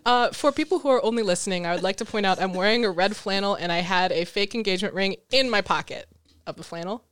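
A young woman co-hosting a podcast in casual chat, expressive and giggly, easily moved. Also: medium pitch, fast, smooth, no echo, studio quality. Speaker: podcast co-host.

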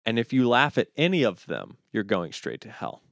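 A man voicing God, a stern all-knowing male judge of souls, in a lowered, slightly quieter storytelling voice. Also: wildly swooping pitch, normal speed, vocal fry, dry recording, clean studio sound, exaggerated voice.

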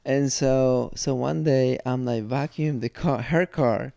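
A man with a heavily gravelly, crackling voice tells a story on a podcast, circling back and restarting as he goes. He sits close to a studio microphone in a dead, dry room with no echo. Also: medium pitch, steady tone, slow, warm tone. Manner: rambling, circling retelling with many restarts. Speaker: podcast co-host. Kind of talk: casual storytelling chat.

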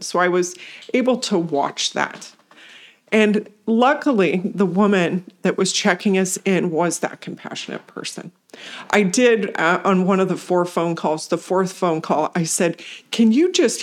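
A woman telling a personal story to a meditation community, animated, acting out what others said and laughing along the way. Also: fairly low pitch. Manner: animated retelling with acted-out quotes and laughs. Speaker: community member sharing practice.

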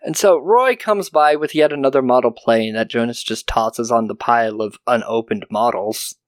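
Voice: medium pitch, moderate pace, dry recording. Casual podcast host recapping a show. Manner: storytelling, acts out quotes.

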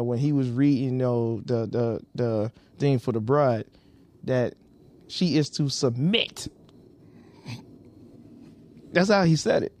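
A man co-hosting a podcast in casual chat, animated and prone to repeating himself. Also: medium pitch, dry recording. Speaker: podcast co-host.

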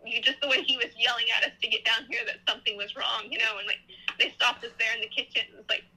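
A woman's voice: fairly high pitch, steady tone, fast talker, pushed and bright, rough recording. A woman in her thirties, a podcast guest, telling a personal story in a casual, rambling way with many restarts.

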